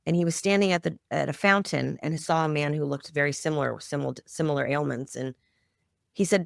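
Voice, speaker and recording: In a brisk, low-pitched and creaky voice, a middle-aged guest on a podcast recounts an emotional family story in conversational interview style. She founded a children's music project, and the clean studio audio carries no echo.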